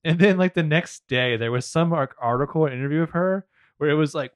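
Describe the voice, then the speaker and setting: A man's voice: fairly high pitch, a little fast, no echo. A man co-hosting a podcast, joking and sarcastic as he recaps a TV show. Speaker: podcast co-host. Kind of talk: casual TV recap chat.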